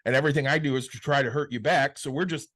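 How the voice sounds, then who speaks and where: A man's voice: medium pitch, fairly even intonation, very fast, a bit bright. A man co-hosting a podcast in casual chat, blunt and exasperated, swearing often. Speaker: podcast co-host.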